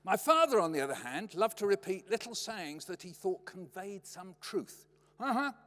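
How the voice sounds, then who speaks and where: A man's voice: high voice, moderate pace. An older man giving a storytelling lecture in a wry, anecdotal way, heard in a lecture hall. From Britain. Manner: wry, anecdotal, lively delivery. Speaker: lecturer, poet. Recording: long hall reverb.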